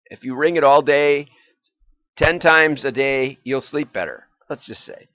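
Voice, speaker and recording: A man's voice: fairly high pitch, unhurried, dry recording. An older man hosting a casual livestream, chatting in a rambling way and chuckling often as he goes over news items. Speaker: livestream host. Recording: dull, lo-fi, dry livestream audio.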